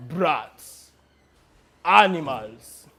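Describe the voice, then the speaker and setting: A man voicing a menacing rebel warlord who speaks slowly and mockingly, with loud bursts. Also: animated, heavily acted. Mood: menacing, gloating. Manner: slow, mocking, booming.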